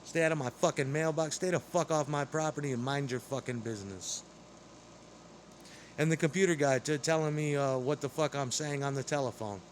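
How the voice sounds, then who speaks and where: A man's voice: a little high, fairly quick, a little hiss or hum. A man delivering an angry, rambling, profane monologue straight to camera.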